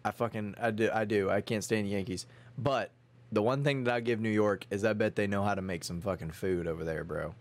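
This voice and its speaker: A young man from Texas with a fairly low voice, co-hosting a casual podcast. He talks in loose slang and swears freely as he riffs with friends. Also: brisk. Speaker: podcast co-host. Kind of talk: casual chat.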